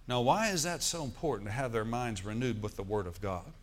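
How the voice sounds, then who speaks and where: A man preaching a sermon in a church. He speaks at an ordinary middle pitch and often turns to the congregation with questions for them to answer. He slows down to lead them through scripture line by line. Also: expressive. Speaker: pastor.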